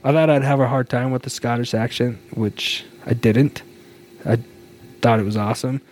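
A man's voice: medium pitch, steady tone, moderate pace, a little mellow, a little hiss or hum. A man co-hosting a podcast in casual chat, upbeat and chatty, often laughing as he talks. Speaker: podcast co-host.

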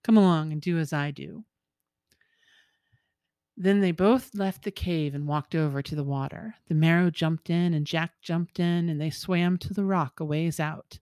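A woman host telling a folktale in a lively, expressive reading voice, with occasional chuckles. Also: deep voice, moderate pace, dry recording, clean studio sound. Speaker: storyteller.

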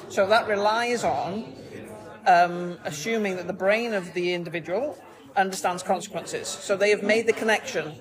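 Woman co-host, mid-pitch, walks through ideas point by point; café crowd audible. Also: normal speed. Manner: methodical, lays out points step by step. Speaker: podcast co-host, human therapist. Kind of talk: casual explanatory discussion. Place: busy coffee shop. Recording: noisy cafe chatter behind.

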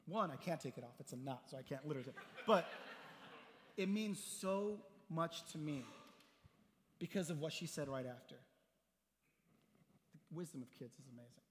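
A man's voice: on the high side, moderate pace, pauses often, a little hiss or hum. A middle-aged man preaching as a pastor, telling personal stories in a conversational way and acting out the dialogue with humor. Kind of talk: sermon with storytelling. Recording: long hall reverb.

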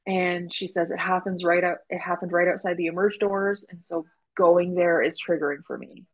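A woman's voice: on the low side, moderate pace, poor audio. A woman, a doula, telling a story in casual podcast chat, acting out quoted dialogue. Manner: animated retelling with quoted dialogue and laughs.

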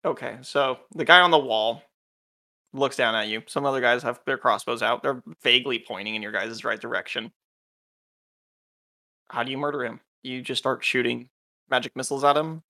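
A man's voice: medium pitch, fairly even intonation, moderate pace, bright, forceful tone. A man acting as game master of a tabletop role-playing game, patiently explaining rules to a new player.

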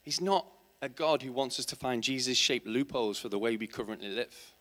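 This teacher preaches with a brisk delivery and a sharp edge to his medium-pitched voice. Putting rhetorical questions to the congregation, he works his way up to forceful, impassioned conclusions.

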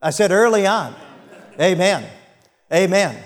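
A pastor with a high voice preaches a little slowly but with animated energy, retelling scripture, shouting, and calling for amens from the congregation.

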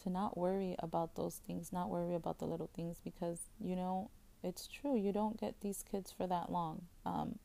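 This podcast host, a woman in her thirties, has a low-set, gravelly voice with lots of vocal fry and speaks at a moderate pace. In this casual chat she rambles in a fairly flat tone, looping back through fillers and restarts while letting her emotions show openly.

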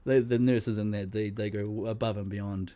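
A man's voice: lowish voice, fairly even intonation, normal speed, mellow. A man, a podcast host in casual chat, rambling and laid-back, swearing freely and restarting his sentences.

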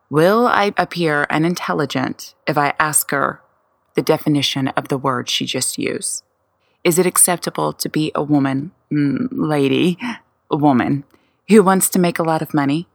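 A woman's voice: sits low, gravelly, no echo. A woman in her forties hosting a solo podcast, firing off candid, wry rhetorical questions about herself. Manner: self-questioning, rapid-fire rhetorical questions. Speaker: podcast host.

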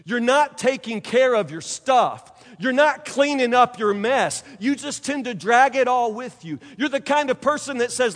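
A middle-aged male pastor delivering a sermon, emphatic and repetitive, swinging between loud and soft. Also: extremely high pitch, animated, a little slow, few pauses, long reverb tail. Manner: emphatic preaching, repeats phrases, sudden loud and soft turns.

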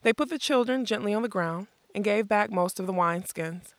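A narrator reading a fantasy story aloud in a steady, measured way. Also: medium pitch, no echo. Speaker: audiobook narrator.

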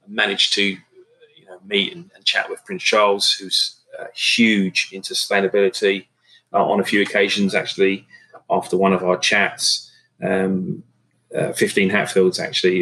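A man's voice: low voice, a little hiss or hum, rough recording. A middle-aged man, a catering business owner, chatting casually in an interview with lots of fillers and restarts. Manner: relaxed, rambling, many fillers and restarts.

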